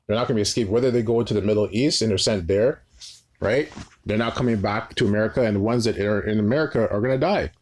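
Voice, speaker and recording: A man's voice: fairly low pitch, fast, a little mellow. A man reading Bible verses aloud and explaining them informally, often adding "right?" and restarting his phrases. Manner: repeats "right?" as a tag, frequent restarts. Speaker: Bible teacher. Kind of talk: informal scripture teaching.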